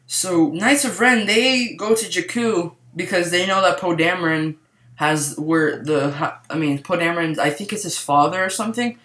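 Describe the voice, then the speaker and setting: Young guy gushing about a movie, lots of likes and ums, bit high, echoey room. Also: moderate pace. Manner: excitable, rambling, lots of fillers. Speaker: movie reviewer. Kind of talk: casual spoiler review.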